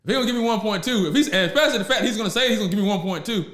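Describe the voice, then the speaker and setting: A man's voice: sits high, racing. A man hosting a casual podcast, telling stories with slang and laughing often. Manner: animated storyteller, laughs often, Southern slang. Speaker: podcast host. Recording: echoey room.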